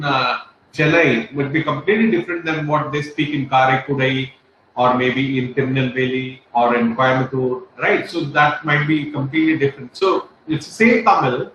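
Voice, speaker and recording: A man's voice: fairly high pitch, a bit bright. A man giving an informal spoken lesson, rambling with many fillers and tag questions. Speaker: teacher. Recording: very echoey room, faint noise.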